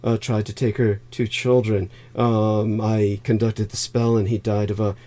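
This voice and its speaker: A man hosting a casual livestream chat, halting and rambling, with many fillers and bursts of laughter. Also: on the low side, flat delivery, dark tone. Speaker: livestream host.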